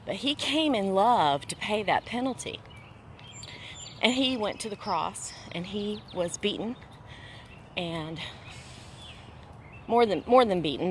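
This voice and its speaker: A woman's voice: on the low side, a little hiss or hum. Earnest woman sharing a faith testimony. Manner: conversational, with emphatic repeated phrases; earnest preaching tone. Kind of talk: casual spoken testimony.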